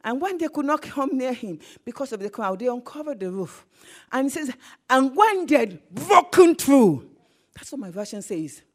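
A woman preacher with a high voice delivers a lively sermon, her pitch leaping all over. She talks animatedly and breaks into bursts of shouting. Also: fairly quick. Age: adult, married.

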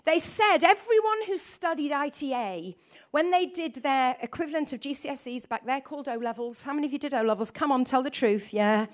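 A middle-aged woman from the north of England preaching a lively sermon, asking her congregation questions and adding chatty asides. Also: sits high, fairly quick. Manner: animated, asks the audience questions, chatty asides.

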